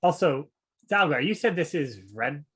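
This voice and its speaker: A man's voice: fairly high pitch, animated, normal speed, a bit bright, slightly rough. A man playing a tabletop game, making wry, sarcastic remarks. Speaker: player. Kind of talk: tabletop role-play chat.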